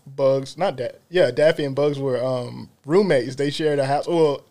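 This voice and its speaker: A man's voice: mid-range voice, unhurried. A man co-hosting a podcast, chatting casually and telling stories with lots of laughter. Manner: laughing, animated storytelling. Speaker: podcast co-host. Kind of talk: casual chat.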